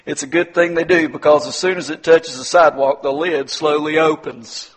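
A male preacher delivers a sermon in a dramatic storytelling manner. His voice sits a bit high and has a husky edge. He drops to near whispers and rises to loud, ringing declarations. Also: steady tone, moderate pace.

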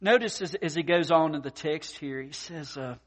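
Expressive preacher man, slightly higher voice. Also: normal speed. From mountain region. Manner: expressive, swings from soft to loud, acts out worried voices; folksy, many fillers and repeats. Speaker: pastor. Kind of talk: sermon.

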